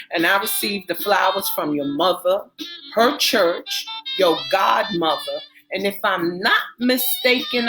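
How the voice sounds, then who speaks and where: Woman reading as modest young rescuer Jason, polite and slow, over faint music. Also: medium pitch, a bit bright, natural voice.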